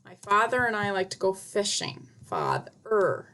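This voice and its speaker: A woman teacher giving a recorded spelling lesson to young children, repeating each word slowly and patiently. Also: medium pitch, fairly even intonation, pushed and bright. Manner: slow, patient, over-enunciated word drills.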